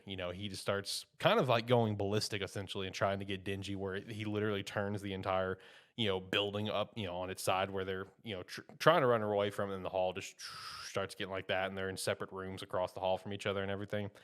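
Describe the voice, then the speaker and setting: A man's voice: low-pitched, little pitch movement, quick pace, fairly bright tone, smooth. A young man co-hosting a podcast, chatting loosely and rambling with lots of filler words. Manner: loose and rambling, full of "you know" and "like". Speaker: podcast co-host reviewing anime. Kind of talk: casual chat.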